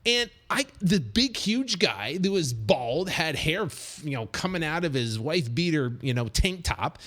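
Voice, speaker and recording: Animated man coaching with many restarts. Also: fairly high pitch. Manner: acts out quick snippets of other voices. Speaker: real estate investing coach. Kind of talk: casual motivational monologue.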